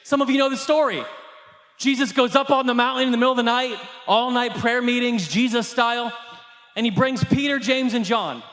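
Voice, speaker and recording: A male pastor preaching a sermon at a church service, impassioned, with shouted emphasis. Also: very high-pitched, fairly quick. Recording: echoey hall reverb.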